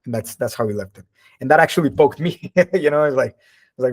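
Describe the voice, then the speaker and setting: A man's voice: medium pitch, fairly quick. A man, a spiritual teacher, telling a personal story in an earnest, emotional and candid way.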